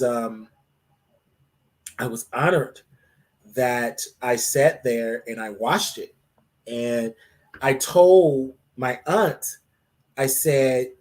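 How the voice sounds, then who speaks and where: Effusive emotional man hosting a livestream. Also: darkish tone. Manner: repetitive, effusive, thanking viewers over and over; jumps to high drawn-out greetings when welcoming viewers. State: emotional after crying. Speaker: livestream host. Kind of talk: emotional live stream chat with viewers.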